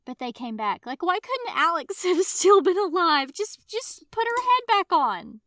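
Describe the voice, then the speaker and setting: A woman co-hosting a book podcast in casual chat, telling things with animated enthusiasm. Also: very high-pitched, measured pace, no echo. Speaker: podcast co-host.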